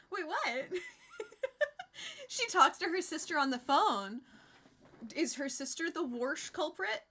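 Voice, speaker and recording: Woman streamer, casual chat to viewers; bright, slightly high voice, rambly, quick to laugh, easy cursing. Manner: chatty and rambling, laughs often, swears casually. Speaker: live streamer.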